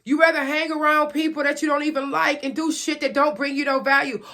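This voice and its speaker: A woman's voice: sits high, steady tone, fairly quick, few pauses, bright, forceful tone. A woman giving a blunt, profane, lecturing rant straight to her audience, repeating her questions for emphasis. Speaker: vlogger. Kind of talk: direct-to-camera rant.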